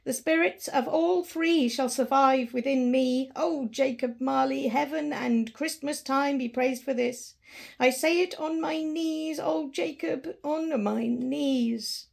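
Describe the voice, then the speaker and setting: A woman's voice: high-pitched, slow, creaky, darkish tone, exaggerated voice. A woman voicing Scrooge, an elderly man who has turned overjoyed and giddy, laughing and exclaiming in a storybook reading. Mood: fervent. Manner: laughing, exclaiming, breathless with glee.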